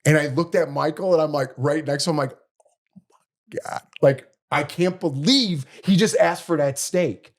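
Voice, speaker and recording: A middle-aged male podcast co-host with a fairly high voice tells a casual story at normal speed, barely pausing. He brings it to life animatedly, playing the people he quotes.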